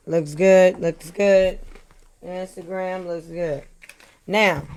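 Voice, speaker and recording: A woman's voice: low voice, a bit bright. A woman from Missouri co-hosting a podcast, chatting casually about wrestling with blunt, teasing opinions. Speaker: podcast co-host.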